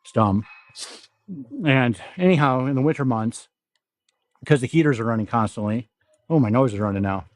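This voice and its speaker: A man's voice: mid-range voice, normal speed, pauses often, no room sound, studio quality. A young man with a nasal, stuffy voice chatting casually and profanely while livestreaming from an indoor gym. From South Dakota. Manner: profane, rambling, laughs often. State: stuffy nose. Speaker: fitness vlogger.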